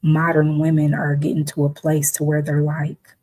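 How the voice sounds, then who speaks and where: A woman's voice: deep voice, completely flat delivery, normal speed, a little mellow. A woman hosting a reflective talk, speaking emphatically and conversationally, sometimes acting out the voices of the people she quotes. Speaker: host.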